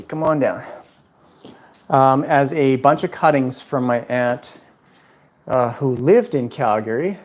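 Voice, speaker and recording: A man's voice: medium pitch, darkish tone. A man hosting a casual plant livestream from home, chatting loosely with viewers in a rambling way. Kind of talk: casual livestream chat answering viewer questions. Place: at home indoors.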